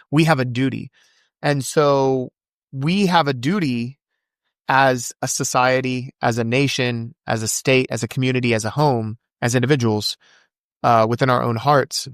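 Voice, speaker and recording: A man speaking as a podcast guest in casual conversation, fervent and quick to recite scripture from memory. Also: no echo, studio quality. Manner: acts out quoted voices with big pitch jumps.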